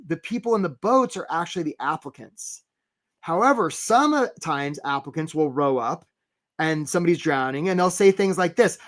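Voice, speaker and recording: A man coaching job seekers in a live webinar, animated and talking straight to viewers by name, acting out little scenes in quoted voices. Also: on the high side, normal speed. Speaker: career coach.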